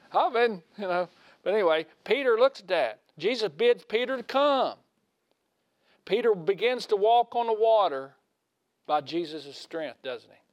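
A man giving a conversational sermon in a folksy way, asking his listeners questions and swinging from loud to hushed. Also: sits high, no echo. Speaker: preacher.

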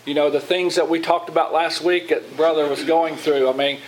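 A pastor with a voice a bit higher than most men's teaches the Bible in an informal, chatty way, speaking flatly at a normal speed. He keeps asking the congregation questions and repeats words mid-sentence. The audio is poor, with a faint hiss of room noise.

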